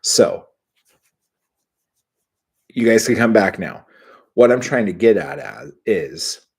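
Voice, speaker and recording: A middle-aged man hosting his own livestream, chatting casually, rambling and swearing with sudden bursts of excitement. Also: fairly low pitch, takes it slowly, breathy edge. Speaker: channel host.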